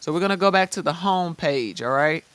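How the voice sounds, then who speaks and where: A woman's voice: on the low side, brisk. Chatty woman hosting a live tutorial. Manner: lively, chatty, addresses viewers directly; casual slang. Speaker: host. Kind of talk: live-streamed software tutorial.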